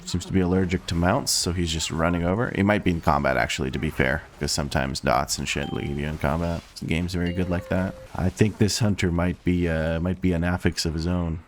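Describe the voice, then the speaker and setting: Low-voiced guy chatting over his game run, laid back, laughs a lot, bit of hiss behind. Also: fairly even intonation, brisk, few pauses. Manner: laid-back, chuckling often, self-mocking. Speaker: streamer playing as tank. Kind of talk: casual gameplay chat.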